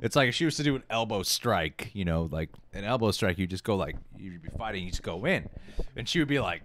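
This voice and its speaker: A man co-hosting a casual live-stream chat about movies, opinionated and animated, laughing often. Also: sits low, fast talker, dry recording. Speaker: co-host of a movie talk stream.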